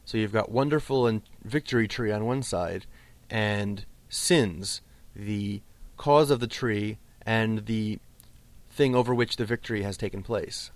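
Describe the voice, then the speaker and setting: A man teaching a lesson on Old English poetry, explaining patiently and slowing right down to recite the verse. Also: fairly low pitch, no echo. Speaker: literature teacher.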